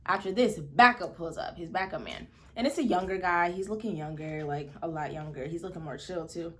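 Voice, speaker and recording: A young adult woman vlogger telling a story in an animated way, full of fillers and acted-out quotes. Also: on the low side, a little fast. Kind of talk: casual storytelling.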